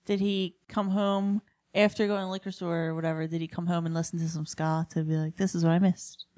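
A woman co-hosting a podcast, laughing often and cutting in with quick details and corrections. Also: on the low side, level tone, darkish tone. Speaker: podcast co-host. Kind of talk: casual chat.

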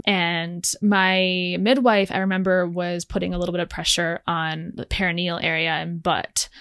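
Candid young woman with a gravelly voice. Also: fairly low pitch, a bit bright, no room sound, clean studio sound. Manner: candid, laughs often, many likes. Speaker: podcast host. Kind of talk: personal storytelling.

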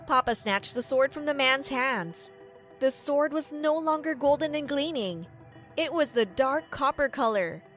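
A woman's voice: sits high, expressive, a little slow, soft background music. A young woman narrating a first-person story in a dramatic storytelling manner. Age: young adult.

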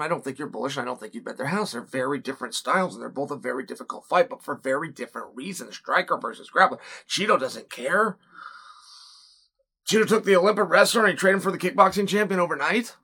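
A man hosting his own show, giving solo commentary with emphatic swings between loud punchlines and low muttered asides, full of repeated rhetorical questions. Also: slightly rough. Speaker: podcast host.

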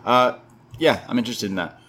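A man co-hosting a casual wrestling recap chat. He runs through the episode in a relaxed way and slips into playful, animated delivery when he retells a scene. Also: brisk. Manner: animated, acts out quoted lines in high voices. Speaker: podcast co-host reviewing wrestling.

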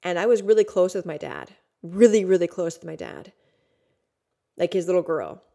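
A woman in her thirties hosting a podcast, telling a raw personal story in an intimate way, swinging from hushed to loud. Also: fairly low pitch, big pitch swings, moderate pace, creaky. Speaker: podcast host.

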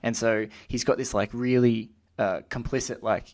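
Man, podcast host, casual film chat, rambling, acts out quotes, average pitch. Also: steady tone, moderate pace, darkish tone.

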